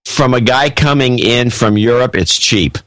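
A man's voice: medium pitch, measured pace, a bit bright, no room sound, poor audio. A man co-hosting a podcast in easy, casual chat who reads listener donations in a plain, matter-of-fact way. His voice sits in the middle range and is recorded dry. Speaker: podcast co-host.

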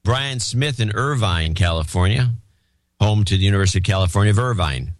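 A man co-hosting a podcast, reading listener donation notes in a brisk way and sometimes laughing at them. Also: lowish voice, expressive, dry recording, studio quality. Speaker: podcast co-host.

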